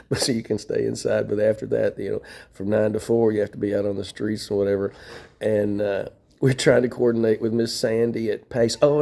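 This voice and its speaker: Gravelly, husky middle-aged man venting. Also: on the low side, mellow. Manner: profane, venting, with wry laughs. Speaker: vlogger. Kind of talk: rambling casual monologue. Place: shelter room, sitting on floor.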